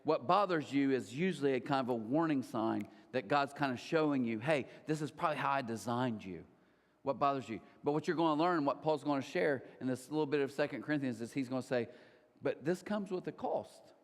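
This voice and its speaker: A man preaching a sermon as pastor, animated, with asides to the crowd and put-on high voices for others. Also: brisk, long reverb tail. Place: church auditorium.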